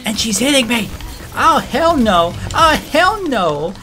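Excitable trash-talking gamer guy. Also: very high-pitched, slow pace, over music. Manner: excitable, trash-talking, frequent shouted outbursts. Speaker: gamer and video creator. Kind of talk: let's-play commentary.

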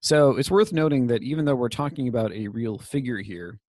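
A man giving a recorded course lecture, casual and digressive with many fillers, his voice slightly raspy from talking. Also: mid-range voice, brisk, a little mellow, no echo, studio quality.

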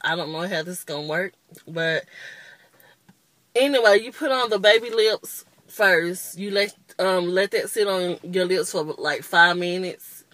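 A woman's voice: on the low side, measured pace, fairly bright tone, no room sound. A woman in her twenties giving a casual, rambling makeup review, openly annoyed and chatty. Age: 20s. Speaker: beauty vlogger.

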